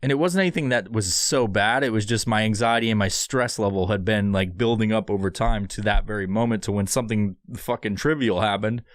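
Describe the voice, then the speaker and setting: A man's voice: on the low side, fairly quick, few pauses, dry recording. A man hosting a solo podcast from a studio, rambling and swearing through a sponsor read. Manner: rambling, profane, sarcastic. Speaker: podcast host.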